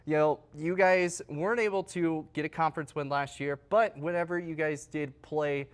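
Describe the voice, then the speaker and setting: A man's voice: a little high, steady tone, normal speed, clean tone. A man hosting a casual sports interview, chatty and joking, with many fillers and restarts. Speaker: host.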